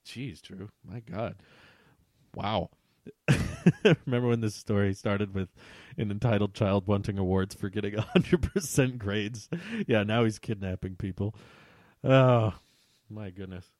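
A young man reading his old childhood book aloud and joking about it in an incredulous, animated way. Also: lowish voice, a little slow, dry recording, studio quality. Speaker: video host.

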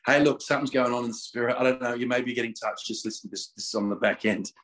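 A middle-aged man talking as a podcast guest, his voice pitched in the middle range. He moves between casual spiritual talk and fervent prayer, laughing often and repeating words in his excitement. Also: very fast, low-quality recording.

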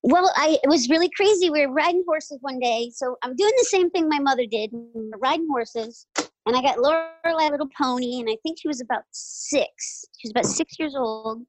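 In an interview, a woman tells stories in a chatty, casual way, laughing often and saying "like" and "you know" a lot. Her voice is high and she talks a little fast. The recording is rough, with slight background noise.

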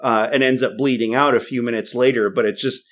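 Male podcast co-host, mid-pitch, casual and halting, livens up for the exciting parts; dull lo-fi sound. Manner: halting, many restarts and fillers, animated retelling. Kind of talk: casual movie discussion.

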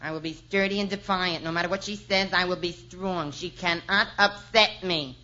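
A man's voice: high voice, fairly even intonation, normal speed, pushed and bright. A man voicing a scheming, lovesick young woman in a 1950s radio comedy sketch, sobbing melodramatically. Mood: mock tragic. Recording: dull old radio broadcast with audience.

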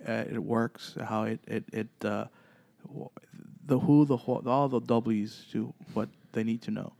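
A man who leads a paranormal investigation group, telling stories in a halting way with many fillers and acting out the dialogue. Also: on the low side, steady tone, creaky, darkish tone. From Texas. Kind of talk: storytelling guest chat.

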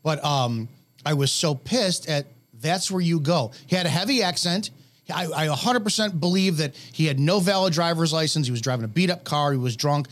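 A man's voice: a little high, lively intonation, moderate pace, a bit bright. A man co-hosting a radio talk show, ranting bluntly and heatedly with plenty of profanity.

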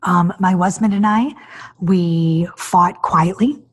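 A woman in her forties hosting a podcast, telling her own story in an animated, emotional way. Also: slow pace, slightly rough. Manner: animated, acts out quoted voices with big pitch jumps; emotional, near tears. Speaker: podcast host. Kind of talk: personal storytelling monologue.

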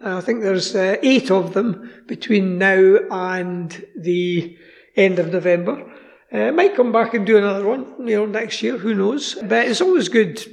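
A Scottish man chatting as a guest in a high, gravelly voice, rambling along with plenty of asides. A long reverb trails behind his words. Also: unhurried. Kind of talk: casual radio chat.

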